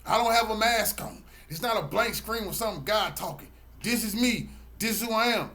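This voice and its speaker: A middle-aged man speaks straight to his viewers in a preachy, emphatic flow. His voice sits a little high for a man, and he stacks up repeated words when he's fired up. It's a loose, heartfelt monologue to camera. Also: normal speed, pushed and bright. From Texas, Galveston County. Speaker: channel host and community activist.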